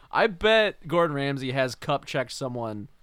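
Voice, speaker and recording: A man's voice: mid-range voice, fairly bright tone. A man co-hosting a podcast, trading profane jokes in casual chat and laughing often. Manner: joking, profane banter with frequent laughter. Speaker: podcast co-host.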